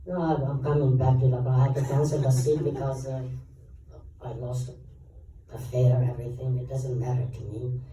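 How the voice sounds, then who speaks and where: A man's voice: mid-range voice, moderate pace, noisy background. Man telling stories in an echoey hall. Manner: animated anecdotes, acts out quoted dialogue. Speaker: guest actor at a convention panel. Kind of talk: storytelling Q&A answers. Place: large convention hall. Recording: echoey hall, taped from far off.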